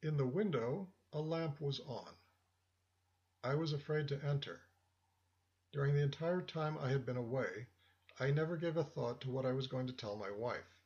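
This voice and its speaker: A man reading a first-person story as narrator, in a measured, reflective way. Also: mid-range voice, darkish tone. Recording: dull lo-fi audio.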